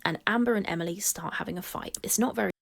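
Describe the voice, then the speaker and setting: A woman's voice: mid-range voice, quick pace, vocal fry, a bit bright. A woman casually recapping a story in a clip that is played back, talking conversationally with filler words.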